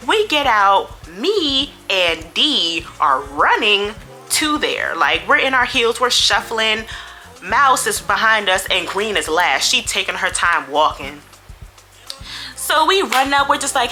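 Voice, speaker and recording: A woman vlogger tells a story in a chatty, slangy way, her voice bright and full of sharp swings in pitch. Soft music plays faintly under her talk. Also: unhurried. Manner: animated, chatty, slangy, acts out the people in the story. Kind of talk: casual storytime.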